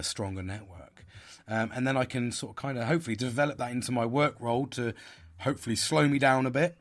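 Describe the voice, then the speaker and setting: A man hosting a podcast, talking in a rambling, frustrated way with many restarts and fillers. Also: on the low side. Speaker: podcast host. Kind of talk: casual monologue.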